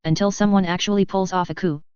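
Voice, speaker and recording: A woman's voice: mid-range voice, fairly even intonation, quick pace, darkish tone, clear, resonant tone, dry recording, natural voice. Woman voicing a fed-up stern prime minister. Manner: commanding, furious. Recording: slightly dull audio.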